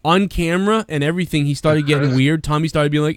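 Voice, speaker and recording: A man's voice: fairly high pitch, fast, few pauses, no room sound, studio quality. A man telling a rambling, crude story in casual chat, often mimicking others.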